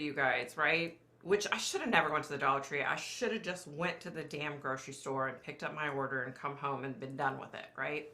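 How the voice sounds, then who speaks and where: A woman's voice: sits low, pushed and bright. Chatty woman with a cold. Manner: chatty, exasperated, swears casually, addresses viewers directly. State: has a cold. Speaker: live show host. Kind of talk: casual live-stream storytelling.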